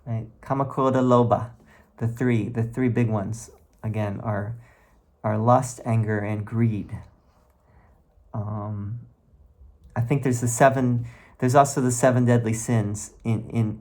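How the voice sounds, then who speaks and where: A man reading verses aloud and explaining them in an informal recorded lesson, speaking haltingly with many pauses and restarts. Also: medium pitch, a little mellow. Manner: slow and halting, chants verses then comments. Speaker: teacher reading and explaining scripture. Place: room at home.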